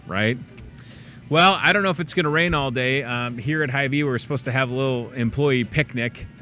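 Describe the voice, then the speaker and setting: A man hosting a local in-store talk show, chatting casually and rambling through plugs, jokes and shout-outs. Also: lowish voice. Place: grocery store.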